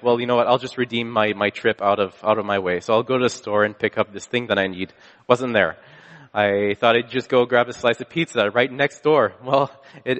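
A man preaches in a relaxed, chatty way, catching himself and restarting his sentences as he goes. His voice sits at an ordinary middle pitch. The sound rings with the long reverb of a large hall. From Canada. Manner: casual storytelling with frequent restarts and self-corrections. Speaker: pastor. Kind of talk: conversational sermon with a personal story.

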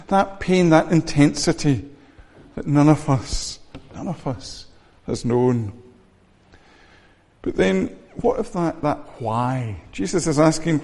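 A man delivers a sermon in a slightly high voice, earnest and measured, often doubling back on his words. His voice rings out with a long reverb in a church hall. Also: darkish tone. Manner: earnest, measured preaching with frequent repeated words. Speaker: pastor.

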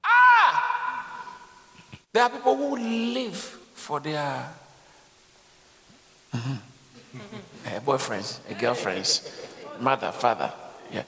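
A man preaching a sermon, acting out voices and breaking into shouts. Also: medium pitch, slow, long pauses. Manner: animated, acts out voices and shouts. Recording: echoey hall.

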